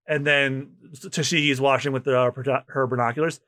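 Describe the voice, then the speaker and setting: A man's voice: mid-range voice, steady tone, fast talker, few pauses, a bit bright. A man co-hosting a podcast, chatting enthusiastically and reading a manga aloud. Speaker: podcast co-host.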